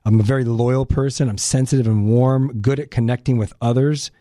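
A young man co-hosting a casual chat with his partner, animated and teasing. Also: mid-range voice, brisk, no room sound, clean studio sound. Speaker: podcast co-host.

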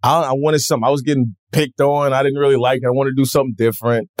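A man being interviewed, telling stories in a relaxed, lively way and acting out other people's voices. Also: mid-range voice, rapid-fire, no room sound, studio quality. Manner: animated, acts out voices in his stories. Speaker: comedian guest. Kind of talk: casual interview storytelling.

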